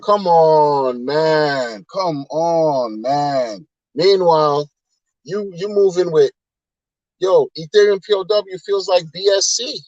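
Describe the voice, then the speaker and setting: A man's voice: on the high side, slow pace, darkish tone, no echo, dull audio. A man hosting a casual livestream, talking in a rambling, repetitive way and sounding exasperated as he rants to viewers. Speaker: crypto livestream host.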